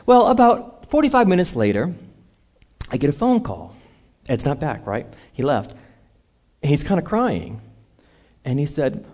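Animated man preaching with lively pitch. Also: a little slow, long pauses. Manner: animated storyteller acting out quoted voices. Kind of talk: sermon storytelling.

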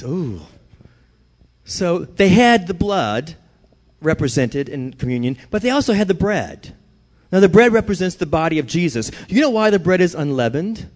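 A man with a notably high voice delivers a sermon to his congregation. He is middle-aged and talks in a loose, conversational way, then swells into emphatic declarations to drive his points home. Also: sing-song, normal speed. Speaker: pastor.

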